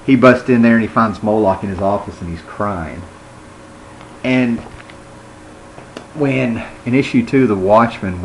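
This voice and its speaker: A man's voice: lowish voice, slight background noise, rough recording. A man giving a casual, rambling comic book review and retelling scenes with quoted lines.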